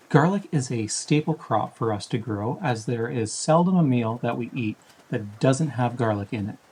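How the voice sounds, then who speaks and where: A man hosting a backyard farming channel, reading a scripted voice-over in a measured, explanatory tone. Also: medium pitch, darkish tone, husky, low-quality recording. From Canada.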